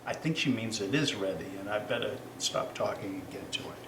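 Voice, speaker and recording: A man's voice: lowish voice, a little fast, fairly bright tone, reverberant, a little hiss or hum. A man hosting a casual cooking demonstration, chatty and self-correcting, with apologetic asides. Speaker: cooking show host.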